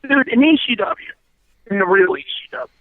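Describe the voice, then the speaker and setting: A former pro wrestler with a high-pitched, expressive voice speaks at a moderate pace on a dry recording. Phoning into a casual storytelling interview over a tinny line, he tells his stories in a blunt, profane, emphatic way.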